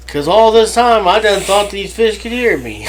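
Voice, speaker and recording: A co-host on a casual podcast, this man rambles through stories, swearing and laughing at his own jokes. His voice is high-pitched, and the rough recording carries a little hiss or hum.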